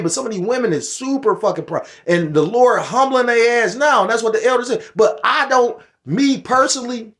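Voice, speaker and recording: Middle-aged man, high-pitched voice, heated profane rambling, scripture commentary. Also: fairly bright tone. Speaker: religious commentator.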